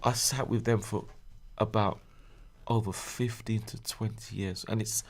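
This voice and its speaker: A man's voice: fairly low pitch, fairly even intonation, measured pace. A middle-aged man chatting as a guest, eager and stumbling, restarting his sentences often. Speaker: guest, long-time football fan. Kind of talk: casual chat.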